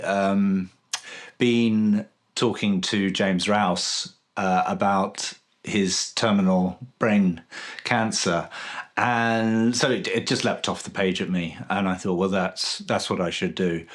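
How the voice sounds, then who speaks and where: Low-voiced man telling an earnest story. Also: fairly even intonation, takes it slowly. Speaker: podcast host. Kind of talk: casual conversational interview.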